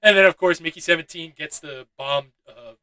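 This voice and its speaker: A man's voice: a little high, normal speed, bright, forceful tone, clear, resonant tone, poor audio. A young man giving a loose, chatty movie review, swearing freely and laughing at his own asides. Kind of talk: casual spoken film review.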